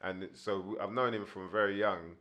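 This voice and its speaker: A man's voice: lowish voice, steady tone, normal speed, a bit bright. A man in his thirties, a guest rapper telling rambling stories in a casual interview, full of fillers.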